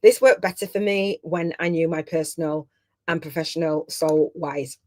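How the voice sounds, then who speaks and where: A woman's voice: deep voice, steady tone, moderate pace, warm tone. A middle-aged woman hosting a live online masterclass. She is heartfelt and chatty, and close to tears at times. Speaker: host and business coach.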